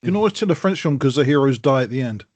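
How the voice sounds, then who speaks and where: A man's voice: mid-range voice, lively intonation, a little mellow, dry recording. A man co-hosting a podcast, throwing in teasing jokes and quips. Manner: joking, teasing, quick quips. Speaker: podcast co-host. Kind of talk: casual chat.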